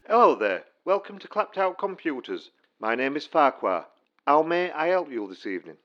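A man's voice: fairly high pitch, sing-song, normal speed, faint music behind. A help desk man, unfailingly polite yet dry and patronizing. His voice rises and falls a lot, and it sounds muffled, as if heard down a phone line. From Stocksbridge, England. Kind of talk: comic sketch acting.

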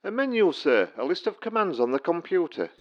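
A brisk, very animated, high-pitched male voice from Stocksbridge, England, whose intonation rises and falls a great deal. He's acting in a comic sketch as a help desk worker, never impolite but dry and patronizing, and he sounds muffled, like he's on the phone.

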